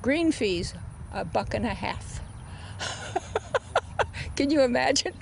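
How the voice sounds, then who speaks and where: A woman's voice: a little high, lively intonation, slow, gravelly. A woman in her nineties, chatty and chuckling, interviewed outdoors on a golf course. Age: 90s. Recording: noisy outdoor field recording.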